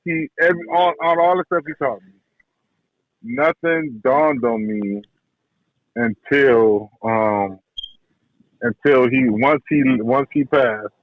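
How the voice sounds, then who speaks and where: A man who trains boxers tells stories about his mentor in a relaxed, slangy way, often repeating himself. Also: medium pitch, slow pace, pauses often, no echo. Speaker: boxing trainer, guest. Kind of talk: casual interview talk. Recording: dull podcast audio, dry.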